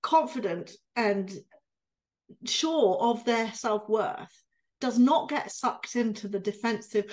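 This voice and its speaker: At a medium pitch and moderate pace, a woman co-hosting a podcast tells a story in casual chat. She's an animated storyteller who acts out the voices of the people she quotes.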